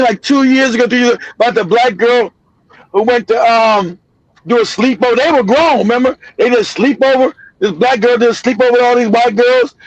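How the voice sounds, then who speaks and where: A middle-aged man talks bluntly on a live stream. His voice sits high for a man and he keeps driving his point home with repeats. The sound is dry and a little muffled. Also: dry recording. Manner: blunt, emphatic, repeats himself, laughs often. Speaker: show host. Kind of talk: casual live-stream commentary.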